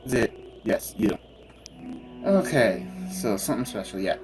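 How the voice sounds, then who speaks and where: A man's voice: fairly low pitch, very animated, a little slow, gravelly, long pauses, darkish tone, soft background music. A man giving casual gameplay commentary, muttering to himself and bursting into cursing rants. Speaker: gamer playing a role-playing game.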